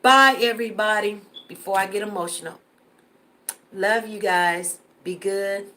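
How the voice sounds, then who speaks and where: A woman's voice: medium pitch, steady tone, measured pace, bright, forceful tone, slight background noise. A woman hosting a casual live stream who talks earnestly to her viewers and repeats herself for emphasis.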